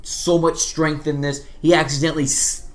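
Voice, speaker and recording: A man's voice: fairly high pitch, level tone, moderate pace. A man co-hosting a podcast, recapping a film in loose, profane, laughing chat. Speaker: podcast co-host.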